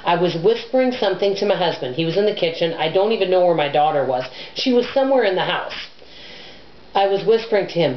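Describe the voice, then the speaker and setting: Middle-aged woman vlogger, loud and abrasive, low-pitched, chatty, echoey and dull recording. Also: lively intonation, quick pace. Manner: chatty, rambling, self-deprecating. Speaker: personal finance vlogger. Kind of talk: casual chat to camera. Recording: echoey room, dull lo-fi sound.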